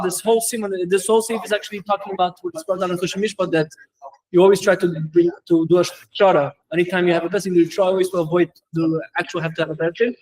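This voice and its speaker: Man, rabbi, fast-paced lecture, fillers and restarts, slightly high voice, Hebrew and Yiddish terms. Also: a little mellow, low-quality recording. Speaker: rabbi teaching a Torah class.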